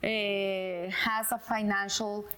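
A middle-aged woman teaches an informal Torah class, speaking slowly in a flat, medium-pitched voice with a sharp edge. Her talk is conversational and full of fillers and restarts, and she acts out the quoted dialogue when telling a joke.

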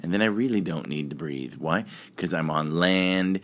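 A man's voice: low voice, normal speed. A man hosting a podcast, talking casually through examples step by step. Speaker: podcast host. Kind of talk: casual explanatory chat.

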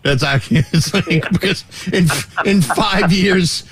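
A man hosting a casual radio interview, chatty, wry and quick to laugh. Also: high-pitched, a little hiss or hum. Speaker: radio host.

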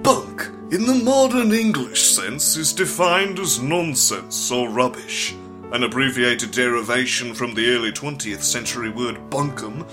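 Formal, deadpan male narrator over clear guitar. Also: mid-range voice. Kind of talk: deadpan dictionary-definition narration. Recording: clear guitar music behind.

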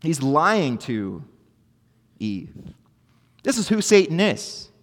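A fairly high-voiced man preaches earnestly to his congregation, driving points home with repetition. His words ring out with a long hall reverb. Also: big pitch swings, slow. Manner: earnest, emphatic preaching with repeated phrases. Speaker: pastor. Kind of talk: sermon.

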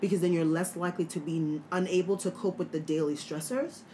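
Casting: lower-pitched female co-host, emphatic and lively, faint noise behind. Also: fast talker. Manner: emphatic, animated, laughing often. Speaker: podcast co-host, teacher. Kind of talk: casual chat.

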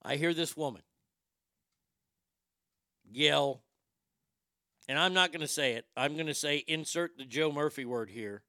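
A man's voice: fairly high pitch, unhurried, long pauses, no room sound, studio quality. A middle-aged man doing stand-up, telling a crude family story and acting out the quotes. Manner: crude, animated, acts out quotes. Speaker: stand-up comedian.

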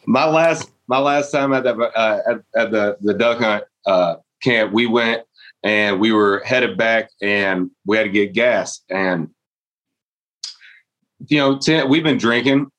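A man's voice: fairly low pitch, slow, fairly bright tone. A man in casual chat telling a rambling story and laughing as he goes.

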